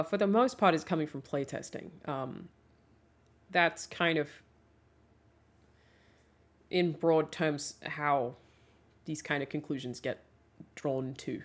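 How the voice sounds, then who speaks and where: Chatty woman streamer with a lively voice. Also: low voice. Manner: chatty, laughs often, rambling asides. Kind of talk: casual stream chat.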